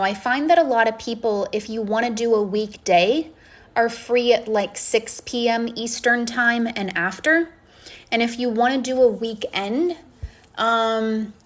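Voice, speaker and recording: Brief: woman, gushing live-stream coach, slightly higher voice, recorded on phone. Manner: gushing, effusive and encouraging. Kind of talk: casual live-stream chat, reading comments.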